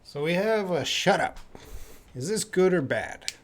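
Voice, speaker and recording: A man's voice: sits high, lively intonation, a little slow. A Canadian man teaching English in a live online lesson, answering viewers' questions and repeating key words for learners. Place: living in Korea.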